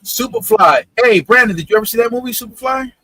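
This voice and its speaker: A man hosting a casual live stream, chatting with viewers in an animated way, laughing often and repeating his words. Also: extremely high pitch, quick pace, dry recording. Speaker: livestream host.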